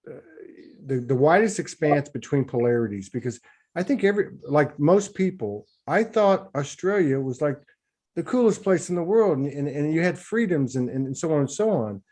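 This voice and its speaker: A man's voice: fairly high pitch, lively intonation, normal speed, a little mellow. A man hosting a casual spiritual chat over a video call, rambling and often repeating words as he restarts his thoughts. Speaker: host.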